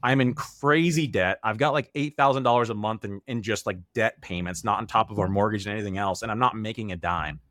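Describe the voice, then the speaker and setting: A man's voice: on the low side, a little fast, hardly any pauses, fairly bright tone, no room sound, clean studio sound. A man in his thirties, an interview guest, telling his own story in a candid, earnest way and acting out remembered quotes.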